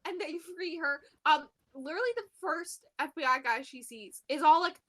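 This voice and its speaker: A young woman co-hosting a podcast, animatedly retelling a book plot in casual chat. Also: moderate pace. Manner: animated retelling, acts out quotes in a high squeal. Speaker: podcast co-host.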